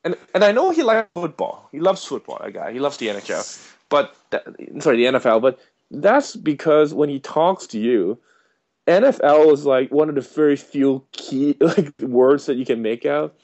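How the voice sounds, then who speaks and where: A man telling a rambling, animated anecdote in casual chat, full of fillers and restarts. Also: fairly high pitch, moderate pace, highs cut off.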